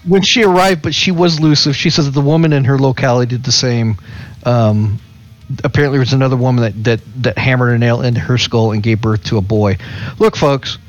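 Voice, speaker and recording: A man's voice: mid-range voice, steady tone, a little fast. A man co-hosting a casual podcast, reading news articles aloud and often laughing as he goes. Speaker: podcast co-host. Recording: dull lo-fi sound with faint music.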